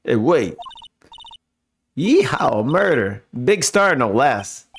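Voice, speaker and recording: A man's voice: mid-range voice, big pitch swings, takes it slowly, vocal fry, slight background noise, full character voice. Man putting on a brash, pushy gal reporter. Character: pushy nosy young woman photographer.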